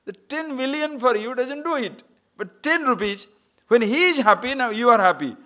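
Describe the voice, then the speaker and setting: A man's voice: extremely high pitch, lively intonation, moderate pace, sharp tone. A man giving a spiritual discourse as a swami, asking rhetorical questions and acting out quoted voices. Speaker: swami teaching scripture.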